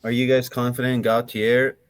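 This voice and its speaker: A man's voice: mid-range voice, level tone, a little fast. A man calling in to a show, talking brashly with plenty of swearing, a bit out of breath. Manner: brash, profane, a bit winded. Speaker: caller. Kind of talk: casual chat.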